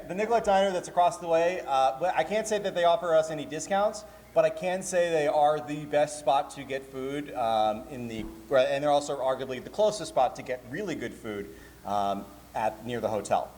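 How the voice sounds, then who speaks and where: Speaking at normal speed in a fairly high voice, this man, who directs programming for a convention, keeps his panel talk lively, jokey and conversational, drawing laughs from the live crowd. Hall reverb and a little room noise color the sound.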